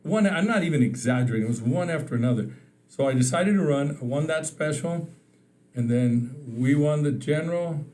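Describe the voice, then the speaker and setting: A man from Texas, a podcast guest, telling lively stories in casual conversation and acting out the people he quotes. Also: fairly high pitch, fairly quick. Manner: animated storyteller, acts out quoted phone calls with laughter. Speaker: podcast guest, state representative. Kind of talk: casual storytelling interview.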